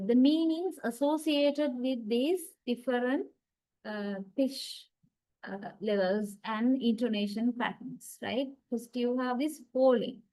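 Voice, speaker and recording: Slow, deliberate woman lecturing. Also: a little high, darkish tone, low-quality recording. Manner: slow, deliberate explaining with frequent "right?" checks and "uh" pauses. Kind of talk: university lecture.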